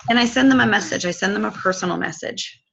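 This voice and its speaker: A woman's voice: mid-range voice, fast talker, gravelly, muffled recording, background noise. A woman walking viewers through a casual screen-share tutorial, chatty and affectionate with loose fillers.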